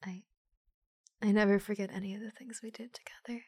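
A woman voicing a shy young woman who nervously confesses her love to a close friend, in a soft, halting whispered role-play with giggles. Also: medium pitch, fairly even intonation, husky, no room sound, natural voice. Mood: bashful.

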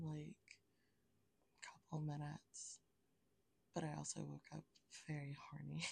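A young woman who has just woken up, talking softly in a half-whisper in bed, rambling with lots of fillers. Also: low voice, gravelly, husky. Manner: soft half-whispered talk with many fillers. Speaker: solo audio rambler. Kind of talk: casual rambling monologue.

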